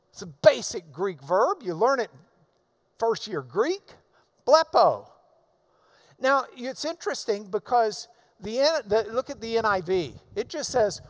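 A male preacher with a high, lively voice that swoops up and down as he teaches. He takes his time, lingers on words, and hammers key phrases by repeating them in loud bursts. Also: slow. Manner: folksy asides to the congregation. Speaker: preacher teaching a Bible passage. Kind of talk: expository sermon.

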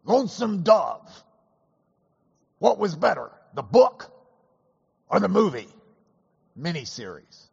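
A hoarse man doing an impression of an older male judge who holds court and quizzes the table. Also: sits high, sing-song, slow pace, pauses often, in a large hall, muffled recording, exaggerated voice. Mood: probing.

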